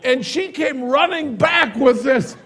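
An older man, a pastor, telling a personal story in a sermon, animated at first and later quiet and tender. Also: extremely high pitch, slow pace, a faint crowd.

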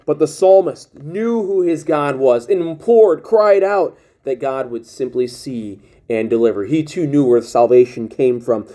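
A man's voice: medium pitch, expressive, measured pace, hardly any pauses, dark tone. A man preaching a sermon, reading King James scripture aloud and often restarting his phrases.

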